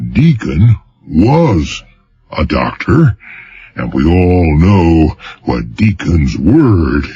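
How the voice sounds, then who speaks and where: Man voicing pompous governor, blustering, weighty pauses, lively pitch, lo-fi. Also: husky, heavily acted.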